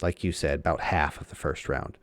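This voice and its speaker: A man co-hosting a fantasy football podcast, laying out his points in a measured, explanatory way. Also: extremely low pitch, fairly even intonation, dry recording, studio quality. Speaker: podcast co-host. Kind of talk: casual fantasy football chat.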